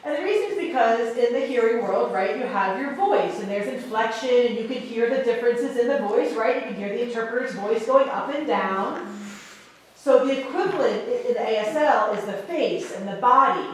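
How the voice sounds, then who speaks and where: A woman's voice: a little high, expressive, distant mic, slight background noise. Upbeat woman teaching a class, echoey room. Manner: encouraging, emphatic, repeats phrases slowly for learners. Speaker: sign language teacher. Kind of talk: classroom instruction. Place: library meeting room with a class.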